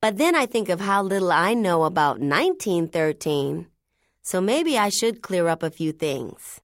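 A woman's voice: fairly low pitch, big pitch swings, unhurried, no room sound. A woman narrating a first-person storybook in a chatty, wry, conversational way on a close studio mic. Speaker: audiobook narrator.

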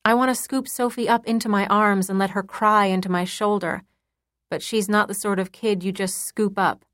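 A woman reading a first-person novel aloud in a measured, intimate storytelling manner. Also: mid-range voice, fairly even intonation, fairly bright tone, no room sound, clean studio sound. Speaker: audiobook narrator. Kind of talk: first-person audiobook narration.

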